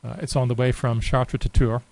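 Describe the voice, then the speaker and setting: In a laid-back screen-recorded walkthrough, a man demonstrates software spontaneously, thinking aloud and filling gaps with lots of fillers. He talks briskly in a mid-range voice over a rough recording.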